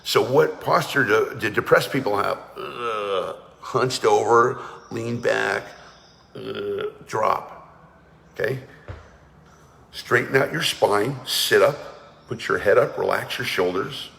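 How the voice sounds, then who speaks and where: A man's voice: mid-range voice, unhurried, vocal fry, fairly bright tone, long reverb tail. A man leading a guided energy and breathing class, talking firmly and urging listeners to join in. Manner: commanding, urges listeners to participate. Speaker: energy awareness coach.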